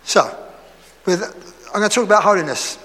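Preaching in an echoey hall with a faint hum of background noise, an Essex-accented man with a high voice speaks at a normal speed. His sermon is lively storytelling, punctuated by laughter and performed quotations.

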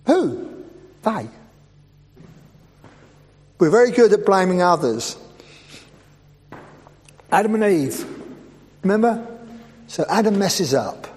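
A preacher gives a humorous church sermon in a high, a little mellow voice with wide pitch swings, very animated yet slow and pausing often. He repeatedly teases the congregation with playful asides. A long church reverb rings over a faint background hum.

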